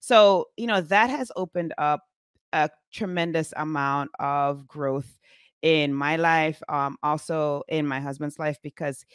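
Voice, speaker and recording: Chatty woman in her forties, lower voice. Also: measured pace, smooth, dry recording, studio quality. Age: 40s. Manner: animated, chatty, many fillers. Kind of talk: casual storytelling vlog.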